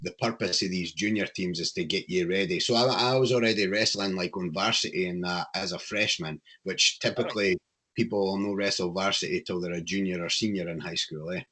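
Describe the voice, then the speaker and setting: A Scottish man in casual chat, animated and opinionated, with a passionate way of talking. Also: low-pitched, brisk. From Scotland.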